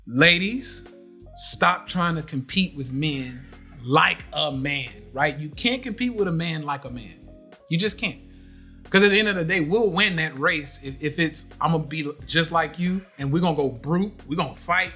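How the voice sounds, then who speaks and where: A man hosting a live podcast, talking casually and animatedly, repeating himself to drive points home. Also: a little high. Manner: animated, preachy, repeats phrases. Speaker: podcast host.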